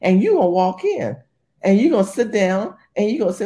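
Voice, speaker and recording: Brief: woman commentator, lively pitch swings, warm dark tone, emphatic and rambling. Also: a little fast. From California. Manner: emphatic, rambling, animated delivery. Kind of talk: political commentary video.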